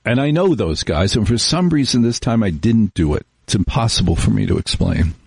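A man's voice: on the low side, expressive, a little fast, creaky, a little mellow, slightly rough, no echo. A middle-aged man hosting a radio talk show, rambling through wry stories from his day in a casual monologue. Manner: rambling, wry, storytelling with acted-out quotes. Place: radio studio. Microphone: studio microphone.

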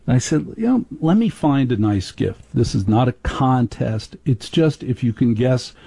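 A man's voice: mid-range voice, animated, normal speed, gravelly, dark tone, slightly rough, dry recording. A middle-aged man hosting a live radio talk show, chatty and confiding, rambling on with listeners.

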